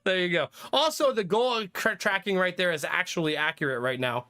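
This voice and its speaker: Bright-voiced man chatting on a live stream. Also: sits high, sing-song, brisk. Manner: rambling, thinking aloud, frequent fillers and laughs. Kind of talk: casual live-stream chat with viewers.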